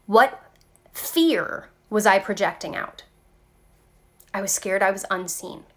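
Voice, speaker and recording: A spiritual tarot vlogger with a mid-range voice talks casually and slowly to her viewers about spiritual growth. She's animated and chatty, frequently saying "like" and "okay."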